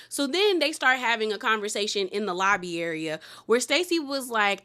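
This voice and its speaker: Chatty woman doing a tv recap, sassy, bright voice, retells every bit of drama. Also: on the high side. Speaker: reality TV recap vlogger. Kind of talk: casual recap commentary.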